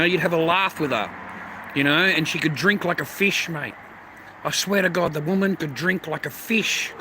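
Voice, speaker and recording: Middle-aged Aussie man, slightly high voice, blunt and sweary, rambling livestream rant outdoors with clear traffic noise behind. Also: bright, forceful tone, low-quality recording. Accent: Australian. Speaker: livestream host.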